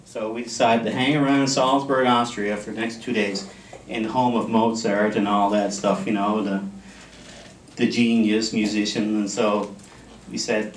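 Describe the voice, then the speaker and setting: A man giving a humorous contest speech, telling an animated story to an audience that laughs along. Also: lowish voice, normal speed, slight background noise. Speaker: contest speaker. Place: convention hall. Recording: echoey hall, mic from far off.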